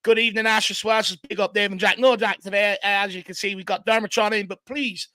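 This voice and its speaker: An Irish man hosts a live fan stream, chatty and easygoing as he reads out viewer messages. His voice sits high and bright. The sound is close and dry. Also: flat delivery, quick pace, dry recording. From Ireland. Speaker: fan show host. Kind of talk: casual live-stream chat.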